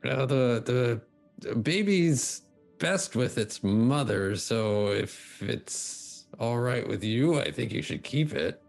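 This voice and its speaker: A man at a tabletop game speaks very slowly and gently. His voice is strongly gravelly and swings widely in pitch. Soft music plays behind him. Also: animated. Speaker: player.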